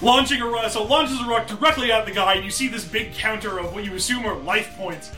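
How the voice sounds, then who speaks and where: Male game master, high bright voice, casual rambling narration, roomy echo. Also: brisk, faint music behind.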